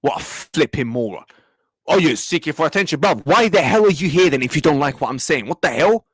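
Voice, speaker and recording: A young man, furious after a match and snapping back at his chat. His voice sits high and jumps all over the place as he rants. The sound is dry and close. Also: animated, a little fast, breathy edge, no echo. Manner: angry, repetitive, swearing, talks back to chat. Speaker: football reaction streamer. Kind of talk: live match reaction rant.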